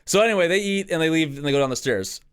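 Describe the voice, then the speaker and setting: A man's voice: fairly high pitch, racing, clean tone. Swearing young man telling a story. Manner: animated, swears often, frequent restarts. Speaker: podcast co-host. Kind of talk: casual storytelling.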